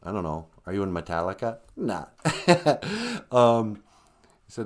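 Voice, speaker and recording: Male livestream host, casual joking chat, lively swinging pitch. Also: measured pace. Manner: joking storyteller, acts out voices.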